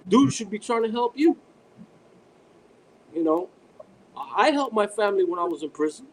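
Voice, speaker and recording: A man talking casually as a guest, his slightly high voice tripping over repeated words. A faint hum of noise sits behind him. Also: animated, normal speed, low-quality recording. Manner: rambling, stammering, repeats words. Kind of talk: casual chat.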